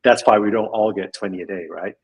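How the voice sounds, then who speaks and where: A man with a husky voice, a podcast guest in casual chat, speaking reflectively and trailing off with small chuckles. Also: fairly low pitch, fairly even intonation, fast talker, poor audio.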